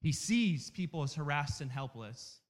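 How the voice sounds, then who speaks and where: A man in his thirties preaching a sermon, earnest and emphatic, repeating key phrases with dramatic pauses. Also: fairly high pitch, lively intonation. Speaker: campus minister preaching. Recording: reverberant hall.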